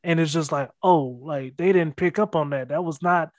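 A man's voice: a little high, normal speed. Joking podcast host guy. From South Carolina. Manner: joking, easygoing. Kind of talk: casual chat.

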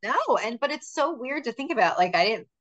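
A woman's voice: on the high side, big pitch swings, fairly quick, a bit bright, muffled recording. A woman co-hosting a podcast, chatting casually and telling stories with frequent laughter. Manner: chatty storytelling, laughing often. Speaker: podcast co-host. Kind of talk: casual chat.

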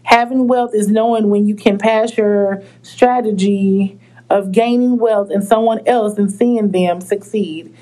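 A woman co-hosting a casual talk podcast, easygoing and measured. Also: mid-range voice, steady tone, dark tone, low-quality recording. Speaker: podcast co-host. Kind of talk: casual chat.

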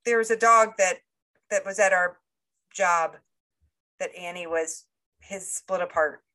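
A woman's voice: fairly low pitch, unhurried, bright, forceful tone. A woman co-hosting a casual podcast chat, teasing her friend and chiming in with quips. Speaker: podcast co-host.

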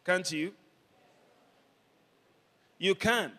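A man preaching a sermon as pastor, leading the congregation in call-and-response and building up to shouts. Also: high-pitched, very slow. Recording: long hall reverb.

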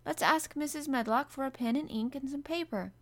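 A woman's voice: medium pitch, normal speed, close to an everyday voice. A woman voicing a lonely, earnest little girl who speaks in a wondering way.

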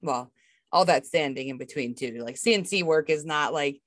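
Low-voiced Boston woman, chatty. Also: moderate pace, no echo. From Massachusetts. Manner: laughs often, relaxed and chatty. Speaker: woodworking artist. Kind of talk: casual video call chat.

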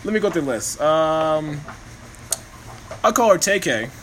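A young man hosting a casual podcast, joking loudly, swearing a lot and laughing often. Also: a little high, expressive, measured pace, slight background noise, rough recording. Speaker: podcast host. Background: music playing.

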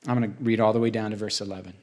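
A man teaching informally from the Bible to a small group, reading passages slowly and emphatically and then talking in earnest, conversational asides. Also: on the low side, steady tone. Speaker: preacher.

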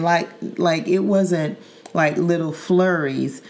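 A woman's voice: low voice, fairly even intonation, unhurried, a little mellow. A middle-aged woman from Saint Louis, hosting a podcast and telling a personal story in an earnest, vivid way with fillers and repeats. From Saint Louis, Missouri. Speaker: podcast host. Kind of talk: personal storytelling in casual chat.

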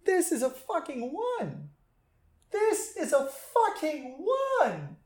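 A man putting on the voice of a furious woman stripper, yelling in a shrill, slow, seething way. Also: huge pitch swings, roomy sound, exaggerated voice.

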